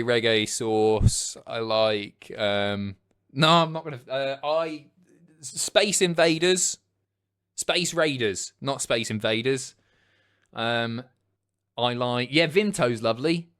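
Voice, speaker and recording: A man in his thirties hosting a casual livestream, reading chat messages aloud, sweary and rambling, jumping between loud outbursts and mumbles. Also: medium pitch, takes it slowly, clean tone.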